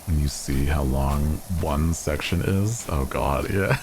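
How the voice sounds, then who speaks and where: A man's voice: very deep voice, slow, noisy background. A young man streaming a game, chatting casually and rambling with fillers and restarts. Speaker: VTuber streamer. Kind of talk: casual gaming stream chat.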